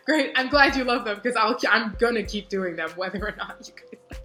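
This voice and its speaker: A woman's voice: fairly high pitch, lively intonation, a little fast, pushed and bright, faint music behind. A young woman talking casually and chattily to viewers on a live stream, with lots of fillers. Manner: chatty, bubbly, full of filler. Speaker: book reader and fan host. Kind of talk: casual chat. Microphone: phone.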